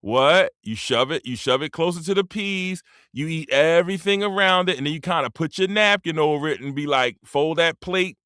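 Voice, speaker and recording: A man's voice: fairly high pitch, normal speed, hardly any pauses, a bit bright, clean tone, dry recording, studio quality. A middle-aged man, hosting a casual livestream rant, loose and joking, laughing mid-sentence and calling out to his chat. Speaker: livestream host.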